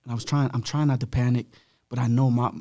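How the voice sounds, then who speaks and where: A man's voice: medium pitch, flat delivery, quick pace, warm tone, no echo. Man, podcast guest, blunt and profane, slangy storytelling, dry close-miked sound. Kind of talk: candid personal storytelling.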